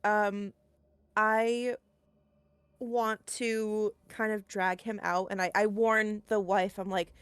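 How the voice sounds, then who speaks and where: A woman's voice: medium pitch, level tone, slow, clear, resonant tone, no room sound. A woman playing in a tabletop horror game, describing her character's actions in a chatty, hedging way full of "like" and "kind of". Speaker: player. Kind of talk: tabletop role-play, in and out of character.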